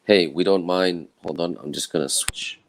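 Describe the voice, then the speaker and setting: A man from Malaysia with a croaky, tired voice, giving an earnest, rambling personal talk from home. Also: deep voice, normal speed, slight background noise, rough recording. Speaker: event speaker. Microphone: own camera and microphone setup.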